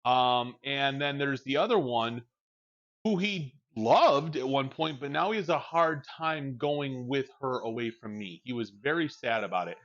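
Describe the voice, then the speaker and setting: Guy rambling on his stream, swears a lot, mid-pitched, kinda dull muffled audio. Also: expressive, unhurried, a bit bright. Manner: rambling, profane, frank. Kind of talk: casual chat while livestreaming.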